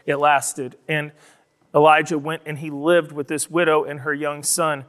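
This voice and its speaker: A man's voice: a little high, little pitch movement, moderate pace. Preaching man in a reverberant hall. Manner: storytelling preacher, rising to loud emphatic delivery. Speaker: pastor. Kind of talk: sermon.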